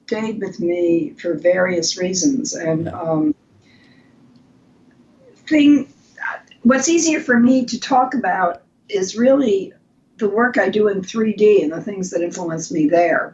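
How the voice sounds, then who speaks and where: An older American woman, a guest designer, speaks in a fairly low voice on a lo-fi recording. She tells stories casually in an interview, chatty and anecdotal, restarting her sentences often.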